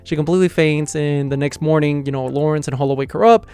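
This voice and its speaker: A man's voice: on the high side, little pitch movement, fast talker, a little mellow, clean tone, faint music behind. A man hosting his own anime review channel, recapping an episode in a casual, rambling way full of "you know" and "like". He often stumbles and restarts mid-word.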